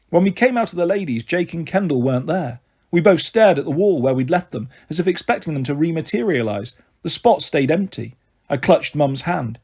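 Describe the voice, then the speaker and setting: A man reading a children's novel aloud in a steady storybook narration. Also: a little high, brisk, slightly rough.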